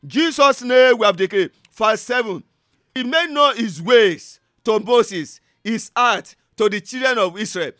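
Male preacher, high voice, dry close sound, fervent chanted prayers, shouts and hushes. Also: expressive, unhurried, dry recording. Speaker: pastor. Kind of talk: sermon with call-and-response prayer.

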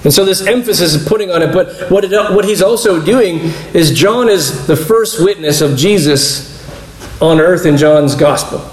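A man with a fairly high voice preaches in a relaxed, conversational way, stopping to explain and slipping into little acted-out exchanges. The sound carries a noticeable echo from the room around him. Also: moderate pace. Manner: conversational, explanatory, acts out quoted dialogue. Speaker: pastor teaching a Bible study. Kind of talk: casual sermon.

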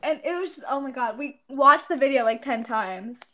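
Giggly teen girl cohost, pretty high voice, chatty storytelling. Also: normal speed, fairly bright tone. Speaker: podcast co-host. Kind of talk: casual podcast chat.

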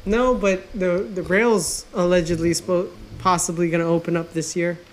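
A man's voice: high-pitched, fairly even intonation, normal speed, slight background noise. A man co-hosting a casual podcast chat, laid-back and slangy, swearing easily. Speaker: podcast co-host.

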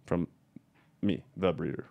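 A man's voice: low-pitched, fairly even intonation, a little slow, creaky, highs cut off. A young adult man who breeds cannabis, giving a blunt, profane and heated rant in a casual video monologue, repeating his points for emphasis.

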